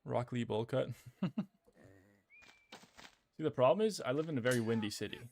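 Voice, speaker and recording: A man's voice: mid-range voice, expressive, normal speed, gravelly, darkish tone, slight background noise. A young man streaming a game, rambling casually, swearing at the game and chatting with his viewers. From Australia. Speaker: gaming streamer. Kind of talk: casual gameplay chat.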